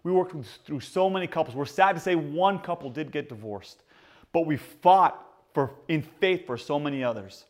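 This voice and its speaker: A man in his forties preaches a sermon, his voice sitting a bit higher than most men's. He tells stories with animated swings in pitch and loudness. He calls out to the congregation and leads them in prayer. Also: normal speed. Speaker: pastor.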